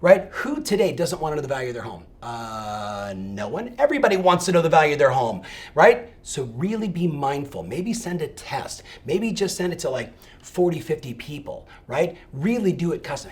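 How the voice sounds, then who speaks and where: A middle-aged man giving an energetic coaching talk to real estate agents, emphatic and fired up, often checking in with "right?". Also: fairly high pitch, normal speed.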